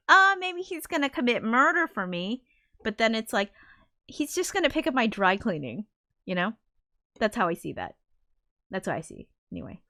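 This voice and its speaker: A woman's voice: on the high side, a bit bright, no room sound, studio quality. A woman composer chatting casually on a livestream, rambling with frequent restarts and casual swearing. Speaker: composer streaming her work.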